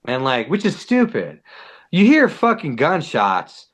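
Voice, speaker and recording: A man's voice: a little high, a little slow. A man telling a wild story as a podcast guest, casual and profane, with "like" in almost every line. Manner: animated, profane, heavy use of "like".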